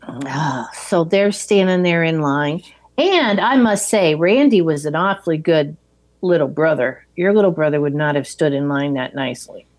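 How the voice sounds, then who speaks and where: A middle-aged woman in casual chat, calmly retelling a film and sharing memories of the past. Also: deep voice, moderate pace.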